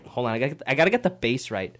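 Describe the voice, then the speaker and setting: A man's voice: mid-range voice, racing. Guy cohosting live radio, voice swings up and down a lot, laughs constantly. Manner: animated, laughs often, teasing. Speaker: radio co-host. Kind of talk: casual banter on live radio. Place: campus radio studio.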